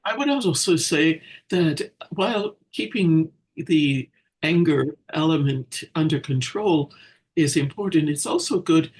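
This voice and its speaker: Higher-voiced, thoughtful man co-host. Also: expressive. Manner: thoughtful, hesitant, measured. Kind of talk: casual spiritual discussion.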